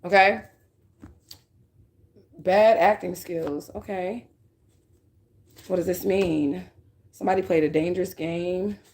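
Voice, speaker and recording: A woman's voice: lowish voice, steady tone, slow, pauses often, a little mellow, slight background noise. A woman giving a casual spiritual reading, talking bluntly with lots of swearing and a repeated "okay?" to her listeners. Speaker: psychic reader.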